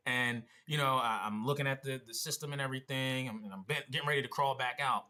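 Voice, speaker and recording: A Pennsylvania man hosts a casual reaction vlog, telling a story about a video in loose, slangy speech. His medium-pitched, sharp voice runs fairly quick, and he swears often and keeps saying "bro."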